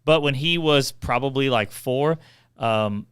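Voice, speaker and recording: A middle-aged man, a podcast co-host telling funny family stories in a chatty, animated way. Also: medium pitch, measured pace, clear, resonant tone, no echo, clean studio sound. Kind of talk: casual storytelling.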